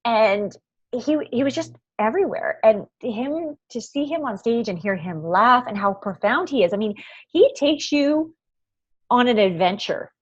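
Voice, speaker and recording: A woman guest in an interview, telling a personal story in a heartfelt, animated way, with frequent laughs and lots of "like" fillers. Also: on the high side, unhurried, breathy edge, dry recording, lo-fi sound. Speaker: guest, event founder.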